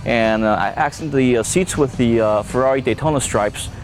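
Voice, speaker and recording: A man's voice: mid-range voice, normal speed. A man, a car owner, describing his car in a casual, rambling way with fillers. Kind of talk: casual show-and-tell. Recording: music behind the voice.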